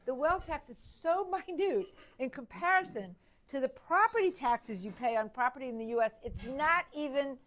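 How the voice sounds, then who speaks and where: Higher-voiced woman hosting, laughing. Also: animated, normal speed, few pauses, fairly bright tone. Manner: laughs often, emphatic asides. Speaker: host. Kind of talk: casual Q&A talk. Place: room with a live audience.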